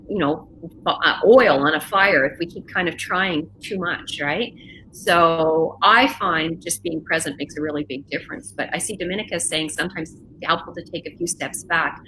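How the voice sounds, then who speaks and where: A middle-aged woman from Canada giving parenting advice as an interview guest, speaking in a warm, reassuring way over a video call. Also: medium pitch, slight background noise, poor audio. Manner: warm, reassuring, repeats "right?". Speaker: interview guest, self-regulation expert. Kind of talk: conversational advice.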